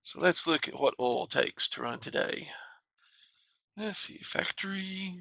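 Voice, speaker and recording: A man narrates his game session in a laid-back, plain way. His voice has a gravelly edge and a bright, forward tone. The recording is close and dry, with no room sound. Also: on the high side, unhurried, dry recording. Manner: relaxed, plain-spoken walkthrough talk. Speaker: gaming channel host. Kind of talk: casual game commentary.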